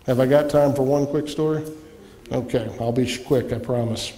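A man preaching as a guest in a church, telling a personal story with animated delivery and acted-out voices. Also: mid-range voice, normal speed. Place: church sanctuary. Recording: echoey church hall.

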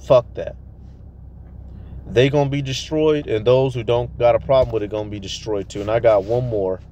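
A man's voice: medium pitch, fairly even intonation, mellow, dull audio, a little hiss or hum. Fiery, profane man preaching. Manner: heated, profane, fast rhetorical questions. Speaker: street preacher vlogger. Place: at a tire shop, near a vehicle.

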